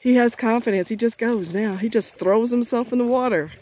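A woman's voice: a little high, a little fast, dark tone, slight background noise. A woman chatting casually to her viewers outdoors by a lake, coaxing and praising her dog. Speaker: vlogger. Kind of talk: casual vlog commentary.

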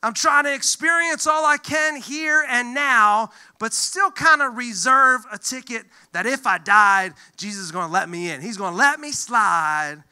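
A male pastor giving a lively, joking sermon, acting out the voices he quotes. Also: very high-pitched, smooth. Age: adult who grew up in church, looks back on age twelve. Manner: animated, jokey, acts out quoted voices.

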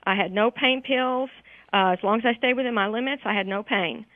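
A woman's voice: on the high side, fairly quick, no room sound. A woman calling in to a radio show, giving a heartfelt, grateful testimonial in an emotional voice. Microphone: telephone. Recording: tinny phone line.

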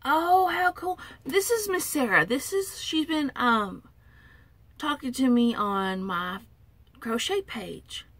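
Gravelly woman, tearfully grateful. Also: sits high, animated, takes it slowly, no room sound. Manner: emotional, tearful, softly thankful. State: unwell, recovering. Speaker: vlogger opening viewer packages. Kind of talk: casual chat to camera.

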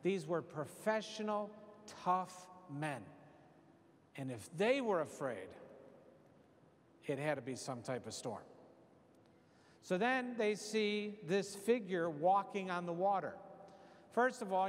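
A middle-aged man giving a parish retreat sermon, telling a story with lively humor. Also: sits high. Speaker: retreat preacher. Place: church. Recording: echoey church hall.

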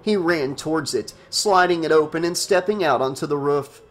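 A man reading a horror novel aloud as an audiobook, in a steady storytelling manner. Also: on the high side, normal speed. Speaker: audiobook narrator.

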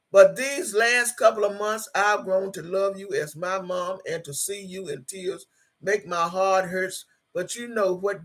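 A woman's voice: mid-range voice, bright, forceful tone, breathy edge. A woman in her sixties on a livestream, reading viewer comments aloud and preaching emphatically, repeating her phrases. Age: 60s. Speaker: livestreaming YouTuber.

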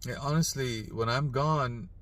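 A middle-aged father speaking earnestly in a heartfelt personal video message, halting and emotional at times. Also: mid-range voice, fairly bright tone. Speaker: father posting an apology video.

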